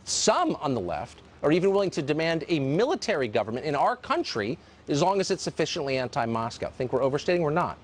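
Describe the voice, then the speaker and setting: A man's voice: on the high side, sing-song, quick pace, hardly any pauses. A man hosting a TV news show, interviewing a guest and delivering commentary with probing questions and stumbling restarts. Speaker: TV news host.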